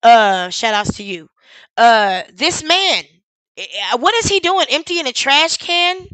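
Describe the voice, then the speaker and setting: High, bright-voiced woman streamer. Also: very animated, takes it slowly, no room sound, low-quality recording. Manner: sarcastic, incredulous questioning. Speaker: live stream host. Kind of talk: casual commentary over video.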